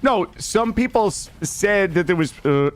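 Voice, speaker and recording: A man streaming a survival game live, chatting with viewers in an excitable, jokey way and arguing his case to chat. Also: high voice, a little slow, soft background music. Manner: excitable, jokey, defensive with chat, yelps and laughs. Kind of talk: live gameplay commentary.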